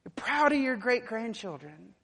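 A male preacher delivering a sermon to a congregation. His voice rises from near-whispers to forceful, climbing peaks of emphasis. The sound carries a long, reverberant hall tail around every phrase. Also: very high voice, sing-song, moderate pace, vocal fry, breathy edge. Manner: builds from hushed to loud and emphatic.

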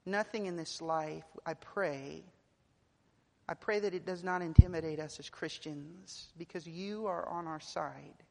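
A woman preaching a sermon, building to loud, emphatic declarations, then dropping soft and low, and repeating words when pressing a point. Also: steady tone, measured pace, creaky. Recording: long reverb of a large hall.

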